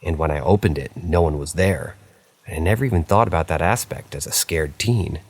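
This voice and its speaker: A man's voice: rumbling low, brisk. A man narrating true paranormal stories aloud in a casual, conversational reading style with occasional asides.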